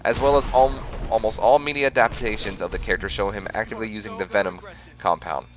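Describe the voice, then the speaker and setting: Low-voiced man narrating a game playthrough. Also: fairly even intonation, fast talker. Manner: reads facts aloud with stumbles and self-corrections. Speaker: gaming channel host.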